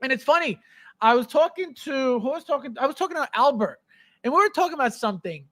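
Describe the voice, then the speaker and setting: A man's voice: very high voice, lively intonation, fast talker, bright, forceful tone, no room sound, clean studio sound. A man hosting a livestream, ranting bluntly and emphatically, repeating himself, swearing, and reading out viewer comments. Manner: emphatic, repetitive, blunt and profane; reads viewer comments aloud. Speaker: livestream host. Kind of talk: unscripted livestream rant.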